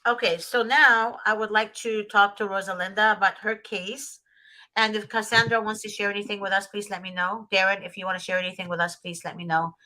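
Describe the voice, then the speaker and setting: A woman's voice: medium pitch, fairly even intonation, fairly quick, sharp tone, poor audio. A woman hosting a talk show, giving advice and repeating key points with emphasis. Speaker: host. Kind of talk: advocacy talk show with guests.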